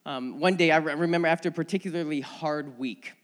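A man's voice: a little high, fast talker. A man giving a sermon in a church, earnest and conversational, often restarting his phrases as he tells a story. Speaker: preacher. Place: church sanctuary. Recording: long church reverb.

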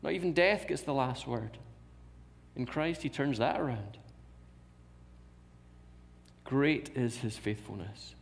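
A man's voice: mid-range voice, slow pace, gravelly, long pauses. A man preaching a sermon in a church, repeating key phrases and asking rhetorical questions. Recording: long reverb of a large hall.

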